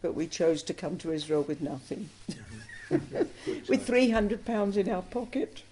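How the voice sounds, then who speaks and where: In a personal testimony interview, an older woman from England recounts her life with sincere feeling. Her lowish, mellow voice is animated yet unhurried.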